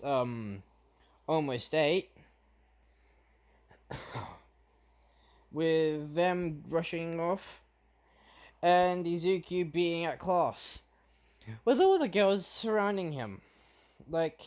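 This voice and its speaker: A young man retelling his fan story off the cuff, halting often with fillers and restarts. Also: a little high.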